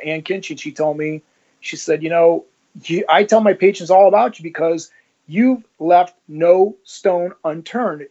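A man's voice: fairly high pitch, a little mellow. A middle-aged man, a former police officer, telling his story in a casual interview and acting out the dialogue he quotes. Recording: slightly muffled lo-fi audio.

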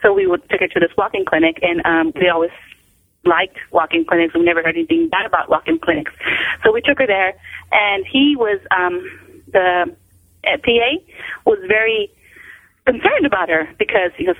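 Creaky-voiced woman on a tinny phone line. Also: mid-range voice, sing-song, no echo. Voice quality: creaky, gravelly. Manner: halting retelling with many fillers, acting out quoted dialogue. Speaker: guest, mother of a patient. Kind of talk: phone-in interview, personal story. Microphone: telephone.

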